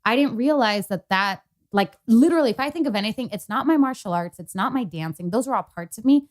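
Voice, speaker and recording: A woman's voice: fairly high pitch, lively intonation, fast talker. A woman co-hosting a podcast, telling a personal story in casual chat and retelling past conversations with lots of fillers. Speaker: podcast co-host.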